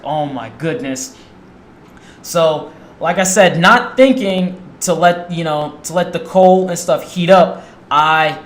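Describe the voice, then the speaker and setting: A young man casually telling a rambling personal story to camera, acting out the people in it. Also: fairly high pitch. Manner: rambling, animated, acts out quoted voices. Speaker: storyteller vlogger.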